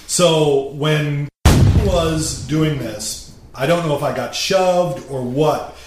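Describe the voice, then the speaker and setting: A man's voice: a little high, slow. A man telling a story in plain, casual chat, swearing freely. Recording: roomy echo with faint hiss.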